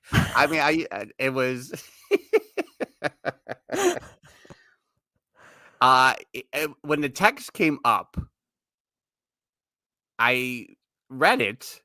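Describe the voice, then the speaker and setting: Bright, lively man co-hosting a podcast. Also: mid-range voice, no echo, clean studio sound. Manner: halting, hesitant, with laughs. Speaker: podcast co-host. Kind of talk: casual chat.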